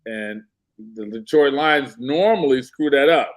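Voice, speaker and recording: A man's voice: mid-range voice, measured pace. A man in casual sports talk, telling a story with energy and acting out what people said. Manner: animated storyteller, acts out quotes. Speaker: guest.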